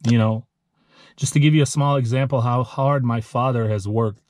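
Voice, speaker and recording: A man in his thirties who owns a lawn care business, giving a heartfelt motivational vlog talk, earnest and emotional, halting and restarting as he speaks. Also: medium pitch, steady tone, darkish tone, no echo, studio quality. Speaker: lawn care business owner and channel host.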